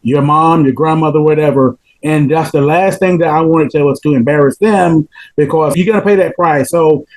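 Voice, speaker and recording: A man in his fifties with a Southern Georgia accent, telling stories as a podcast guest in an animated way, laughing often. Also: fairly high pitch, moderate pace, few pauses, rough recording. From Pelham, Georgia, US. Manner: animated, laughs often, repeats words when excited. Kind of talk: casual storytelling interview.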